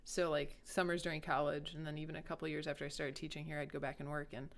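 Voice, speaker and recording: A woman's voice: low voice, level tone, fast talker. A woman who teaches English, chatting casually on a school podcast and explaining things patiently. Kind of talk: casual chat.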